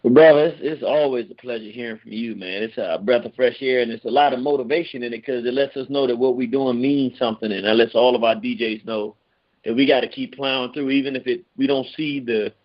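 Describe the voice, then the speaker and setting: A man hosting a call-in radio show, talking animatedly with his callers and telling stories. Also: fairly quick. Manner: animated, jumps high in pitch when excited. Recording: dull lo-fi radio sound.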